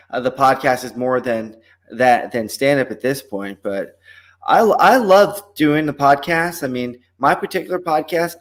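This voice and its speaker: A man from Long Island, a comedian guest on a podcast, telling jokes and stories in an animated, casual way. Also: medium pitch. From Long Island, New York. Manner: animated joke-telling storyteller.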